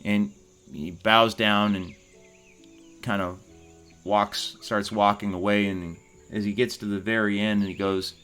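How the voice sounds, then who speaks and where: A man's voice: lowish voice, fairly even intonation, a little slow, fairly bright tone, clean tone, soft background music. A man narrating a tabletop game as game master, in loose and rambling speech with frequent restarts.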